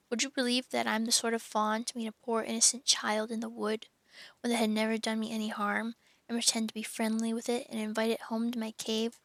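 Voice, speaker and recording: A woman's voice: a little high, no room sound, lightly acted. A woman doing a sobbing, guilty faun. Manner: sobbing, mournful. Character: sorrowful male faun, gloomy and guilt-ridden.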